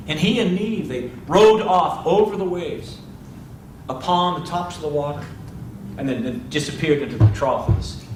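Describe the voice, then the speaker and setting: A man's voice: on the high side, background noise. Male storyteller, roomy and distant. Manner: dramatic, addresses the audience. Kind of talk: live oral storytelling. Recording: roomy, distant live mic.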